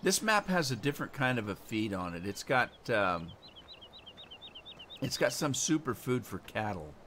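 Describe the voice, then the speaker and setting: A man in the middle of a relaxed stream, chatting with his viewers and wandering off on side stories as he plays. His voice sits at an everyday middle pitch. Steady game noise hums underneath. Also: unhurried. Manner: chatty, rambling, reads and answers chat. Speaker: gaming streamer. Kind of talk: casual live-stream commentary. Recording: noisy game audio behind.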